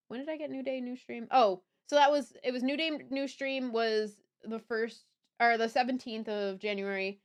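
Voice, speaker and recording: A young woman livestreaming, talking loosely and off the cuff. Her voice sits a little high and sounds smooth and clear. She rambles, drops a swear here and there and laughs easily. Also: a bit bright. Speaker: streamer. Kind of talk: casual livestream chat.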